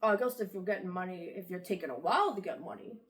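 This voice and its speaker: A woman's voice: fairly low pitch, rapid-fire, close to an everyday voice. A woman playing a cocky macho male self-help host in a comedy talk-show sketch, boastful and rambling.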